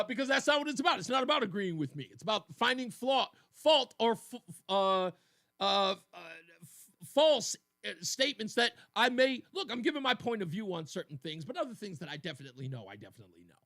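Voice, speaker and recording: Bright-voiced male radio talk host. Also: high-pitched. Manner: animated, mocking, laughs often. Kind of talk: political talk radio monologue. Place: radio studio.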